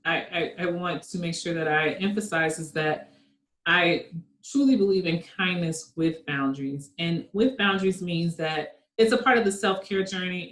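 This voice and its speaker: A woman guest speaking in an earnest, reflective way over a video call, laughing softly now and then. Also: on the low side. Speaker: guest, kindness network founder. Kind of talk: conversational interview. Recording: echoey room sound.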